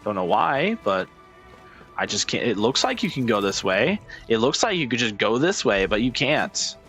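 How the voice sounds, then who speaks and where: A man's voice: mid-range voice, big pitch swings, normal speed, fairly bright tone, faint music behind. A man giving casual gameplay commentary, muttering, swearing and calling himself an idiot as he works. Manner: self-deprecating, swearing, frustrated muttering. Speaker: gaming streamer.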